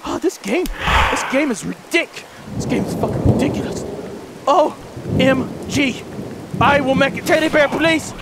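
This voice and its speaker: A young man giving frantic, cursing commentary while playing a horror game and yelling at the monsters. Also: extremely high pitch, normal speed, heavy background noise. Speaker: gaming video host.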